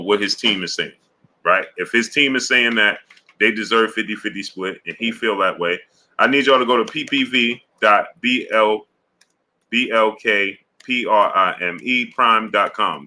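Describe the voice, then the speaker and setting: A man hosting a boxing livestream in loose, casual chat, with a very bright, forceful voice that sits fairly low. He keeps greeting viewers by name and circling back to the same pitch. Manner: hypes and shouts out chat names; repeats a call to subscribe.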